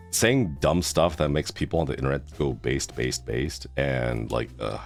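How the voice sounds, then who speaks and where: A man in his thirties chats with his stream audience, answering chat with groans and laughs. His voice sits very low with a gravelly edge and swings up and down a lot. Faint music plays behind him. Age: 30s. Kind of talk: casual live-stream chat.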